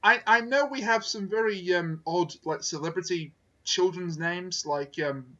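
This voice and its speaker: A man hosting a casual review podcast, wry and measured, fond of puns. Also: high-pitched, sharp tone. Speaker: podcast host. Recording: dull lo-fi mic.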